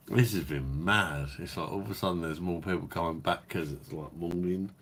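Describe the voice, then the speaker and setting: A man's voice: deep voice, a little hiss or hum. A man hosting a casual live stream, tipsy from drinking, rambling and swearing as he chats. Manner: swearing, rambling banter with chat. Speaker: beer review livestream host.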